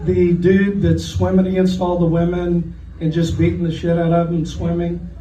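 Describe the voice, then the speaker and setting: A man in his sixties from Oklahoma doing a deadpan stand-up set at a restaurant comedy night. He tells his stories in a dry voice and slips into short quoted voices for the people in them. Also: sits high, normal speed, a little hiss or hum. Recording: echoey room, voice heard from a distance.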